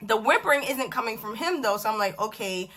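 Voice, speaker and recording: A woman in her thirties telling a story to camera at home in a chatty, animated vlog style. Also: on the high side, brisk. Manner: animated, chatty, acts out dialogue. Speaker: vlogger. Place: bedroom at home.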